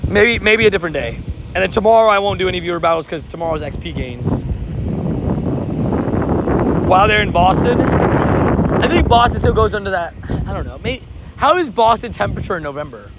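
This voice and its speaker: A man's voice: high voice, lively intonation, fairly quick, pauses often. A young adult man live-streaming a mobile game outdoors, chatting upbeat and reading viewer comments aloud. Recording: outdoor wind noise on mic.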